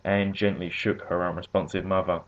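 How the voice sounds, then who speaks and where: A man narrates a story in a steady, measured way. His voice is very deep. The audio is narrow and phone-like. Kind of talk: story reading.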